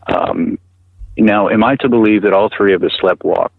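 A middle-aged man recounting a personal experience as an interview guest, halting and earnest, often repeating words as he talks. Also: lowish voice, creaky, no echo, narrow, tinny audio. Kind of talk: personal account in conversation.

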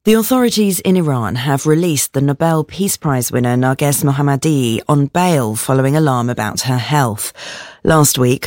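A newsreader reading a world news bulletin in a steady, formal delivery. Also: mid-range voice, no echo, clean studio sound.

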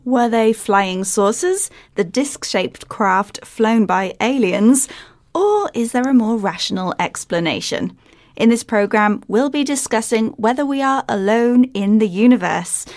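A woman co-hosting an educational radio programme, speaking in a friendly, clear, conversational way. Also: a little high, lively intonation, a little slow, darkish tone. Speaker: co-host. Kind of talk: scripted educational radio presenting.

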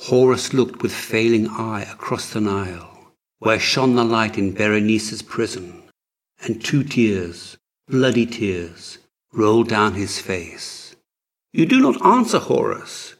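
A man narrating a story as an audiobook in a measured, dramatic manner. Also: on the low side.

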